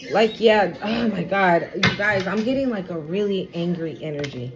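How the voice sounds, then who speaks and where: A woman's voice: mid-range voice, animated, normal speed, background noise. A woman giving a casual tarot reading to her viewers, blunt and profane, repeating her warnings for emphasis. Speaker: tarot reader.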